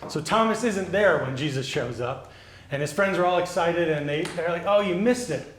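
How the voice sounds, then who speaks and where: Soft-spoken guy pastor talking to kids, a bit high voice, church echo. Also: moderate pace, a little hiss or hum. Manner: gentle, asks children questions. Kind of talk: children's sermon. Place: church sanctuary. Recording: echoey church.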